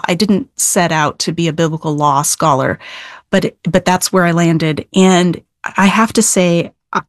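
A middle-aged woman who studies the Old Testament is interviewed, explaining scripture earnestly with emphatic stress and frequent restarts. Her voice is lowish, and the recording is studio quality with no room sound.

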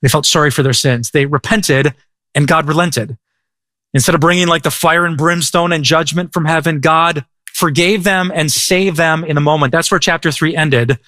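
A middle-aged man preaching a sermon as a pastor, talking in a lively, conversational way with humor. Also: on the high side, moderate pace, dry recording.

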